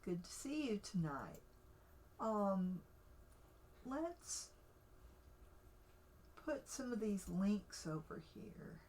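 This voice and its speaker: A woman's voice: mid-range voice, big pitch swings, drawn-out words, long pauses, a little mellow, rough recording. A woman hosting a casual livestream tutorial, talking in a hesitant way with many fillers and restarts. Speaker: livestream host teaching language creation.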